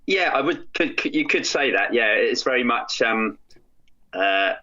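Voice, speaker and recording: A man's voice: medium pitch, lively intonation, a little slow, sharp tone. A man co-hosting a podcast, chatting casually and rambling with many restarts and fillers. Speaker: podcast co-host. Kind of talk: casual chat. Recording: dull lo-fi sound.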